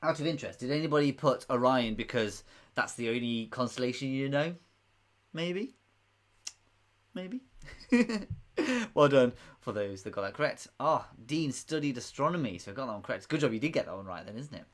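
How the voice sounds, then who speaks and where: A man's voice: mid-range voice, animated, moderate pace. A man hosting a casual live quiz stream, chatty and rambling, often laughing. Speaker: quiz host.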